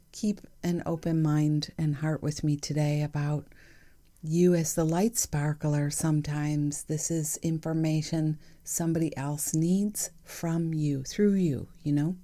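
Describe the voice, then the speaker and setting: A woman hosting her own podcast, talking candidly and reflectively in a chatty way with soft laughs. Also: deep voice. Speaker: podcast host. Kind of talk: reflective solo podcast monologue.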